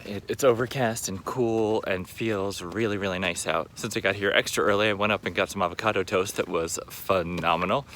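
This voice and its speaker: A man's voice: on the low side, a bit bright, a little hiss or hum, low-quality recording. A man recording a confessional video diary, rambling and bitter, swearing heavily as he vents.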